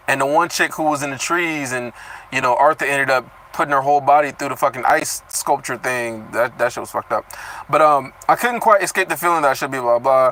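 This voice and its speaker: A man's voice: a little high, bright, forceful tone, rough recording. A young man reading a web novel aloud live, stopping often to riff and swear, stumbling over words as he goes. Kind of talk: casual live reading with commentary.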